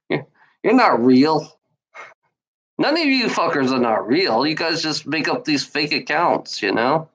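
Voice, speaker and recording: A man's voice: on the high side, sing-song, measured pace, fairly bright tone, poor audio. Profane man ranting at chat trolls. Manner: profane, scornful, repeats himself, talks back to chat. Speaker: livestreamer answering chat. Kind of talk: rambling livestream rant.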